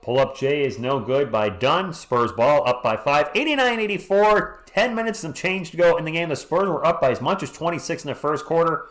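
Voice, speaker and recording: A hoarse man hosting a live stream, calling a game play by play in a casual way and greeting chat viewers between plays. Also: a little high, a little fast, few pauses, fairly bright tone. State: hoarse, losing his voice. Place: home at night.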